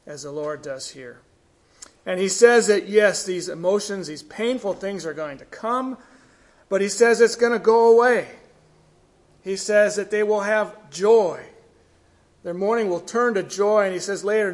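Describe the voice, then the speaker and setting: A middle-aged man preaching a sermon, reading scripture and explaining it with earnest emphasis. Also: sits high. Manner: earnest, rising emphasis then quiet falls.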